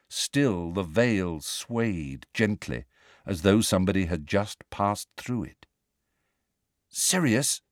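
Guy reading a storybook aloud, low voice, dry close recording. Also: no room sound. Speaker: audiobook narrator. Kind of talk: scripted storybook narration.

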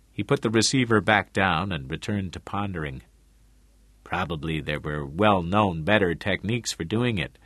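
A man narrating a story aloud in a measured way. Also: low voice, a bit bright, no echo. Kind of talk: audiobook narration.

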